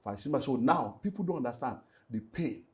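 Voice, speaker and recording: A middle-aged Nigerian-accented man, a pastor speaking candidly in conversation. His pitch sits in an ordinary middle range. He moves from quiet, heavy reflection to loud, forceful emphasis. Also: expressive, a little fast. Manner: emotional, rising to loud emphatic bursts. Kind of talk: candid personal testimony in conversation.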